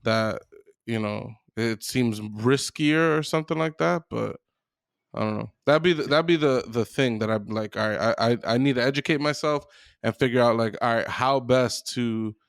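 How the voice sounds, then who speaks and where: A man co-hosting a podcast, chatting in an animated way with lots of "like" fillers and easy laughter. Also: medium pitch, normal speed, creaky, no room sound, clean studio sound. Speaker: podcast co-host. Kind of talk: casual chat.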